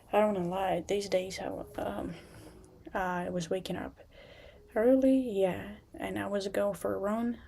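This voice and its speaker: A young woman chats casually with her livestream viewers from a room at home, stopping and restarting her sentences. Her voice is mellow and gravelly with little rise and fall. A faint hiss sits under her computer mic. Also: medium pitch. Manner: halting, restarts often, soft at times.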